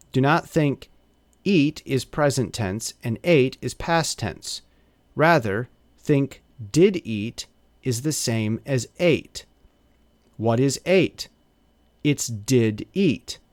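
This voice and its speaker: Slow, deliberate man teaching grammar. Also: medium pitch, dry recording. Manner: measured, deliberate, slows on example phrases. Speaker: English teacher. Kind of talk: scripted grammar lesson narration.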